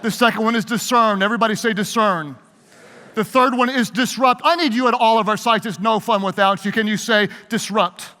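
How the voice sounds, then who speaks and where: Speaking fairly quickly in a high voice with a sharp tone, this pastor leads a large hall's live audience in call-and-response during his sermon-style talk on leadership. A long reverb from the hall trails his words.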